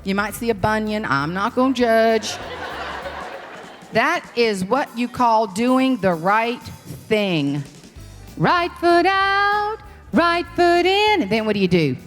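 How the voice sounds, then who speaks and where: Sassy Southern woman telling a lively story. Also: medium pitch, measured pace, faint music behind. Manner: sassy, animated storyteller who acts out quotes. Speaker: professional speaker. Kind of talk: storytelling keynote speech. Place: large hall before an audience. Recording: live stage talk in a reverberant hall.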